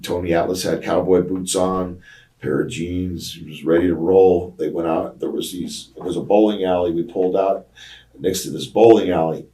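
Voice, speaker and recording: A man's voice: deep voice, steady tone, normal speed, warm tone, recorded from a distance, rough recording. An older man, a retired wrestler, telling rambling road stories in an interview, with plenty of ums and uhs as he acts out what others said. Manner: rambling anecdotes with many fillers, acting out quoted voices. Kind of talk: casual storytelling interview.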